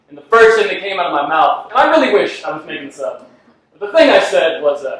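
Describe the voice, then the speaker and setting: A man's voice: high voice, sing-song, normal speed. A man performing a self-deprecating stand-up comedy set, laughing at his own jokes on a club stage. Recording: echoey club from far off with faint noise.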